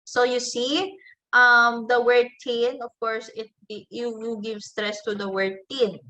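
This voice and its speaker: A woman's voice: fairly high pitch, flat delivery, sharp tone, poor audio. A woman teacher giving a lesson, carefully saying example words aloud one by one. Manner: careful, deliberate, models each example word aloud. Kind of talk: slow classroom lecture on word stress.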